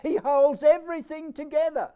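A man with an Australian accent preaching a live sermon, quizzing his congregation with questions and swinging between loud declarations and quiet asides. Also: very high-pitched, flat delivery, moderate pace.

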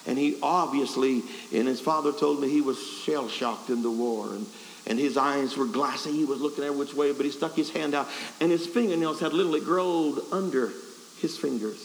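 A man with a mid-range, creaky voice speaks at a moderate pace while preaching at a revival. He tells a homespun story that pokes fun at himself, with stammered restarts, captured in an echoey service hall with faint hiss.

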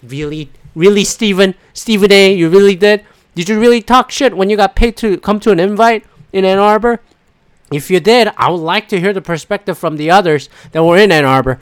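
A man co-hosting a podcast, ranting in a casual, heated way, swearing often and rambling as he talks. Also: fairly high pitch. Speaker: podcast co-host. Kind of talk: casual sports rant.

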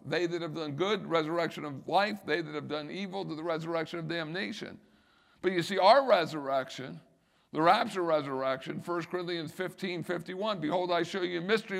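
A middle-aged man preaching a sermon in a high, gravelly voice. He swells and repeats key phrases for emphasis, the way a pastor drives a point home from the pulpit. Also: brisk.

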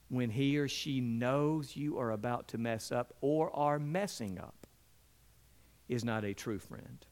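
Earnest and sincere, a middle-aged pastor preaches a sermon. He sometimes voices biblical characters with a lively pitch, and he gets low and quiet to emphasize.

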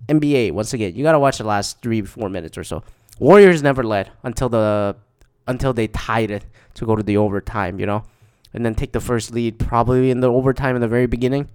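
A man's voice: medium pitch, a little mellow, clean tone. A man casually recounting games he went to, rambling and swearing, with lots of fillers. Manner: profane, rambling, with frequent fillers.

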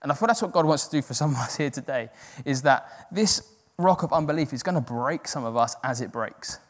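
A man's voice: medium pitch, animated, fairly quick. A man preaching a sermon in an earnest, self-deprecating way, acting out the doubting voices in his head. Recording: long hall reverb.

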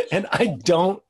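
A man's voice: sits high, breathy edge. A man in casual conversation who rambles, laughs often and fills his talk with "you know" and "like".

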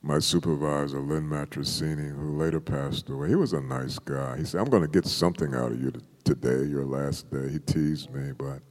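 Brief: older male poet, very low and mellow, animated storyteller, long hall reverb. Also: fairly quick, hardly any pauses. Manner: animated storyteller, acts out quotes with laughter. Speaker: poet, interview guest. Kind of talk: storytelling in an interview.

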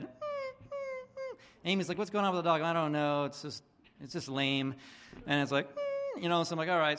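A man preaching a sermon in a casual, rambling way, with many restarts and fillers, acting out bits of dialogue in different voices. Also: a little high. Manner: acts out dialogue in animated voices. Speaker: pastor.

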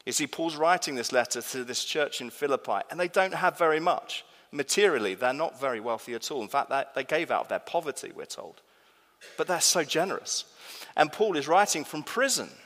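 A man's voice: fairly high pitch, expressive, a little fast, fairly bright tone. Male pastor, emphatic sermon delivery, questioning tone, church hall with long echo. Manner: emphatic, asks the congregation questions.

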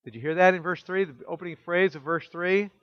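A man preaching a sermon as pastor, emphatic and full of rhetorical questions, dropping soft and low when quoting scripture. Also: a little fast, no room sound, muffled recording.

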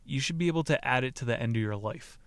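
A fast-talking podcast host reads book passages out loud in a smooth, deadpan voice of ordinary pitch, then breaks into casual, profane remarks and laughs at what he's read. The close, dry recording carries no room sound.

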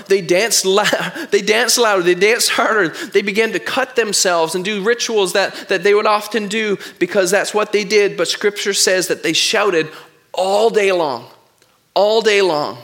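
Bright-voiced male preacher. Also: high voice, normal speed, hardly any pauses. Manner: expressive storytelling, reads scripture aloud. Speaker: pastor. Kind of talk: sermon.

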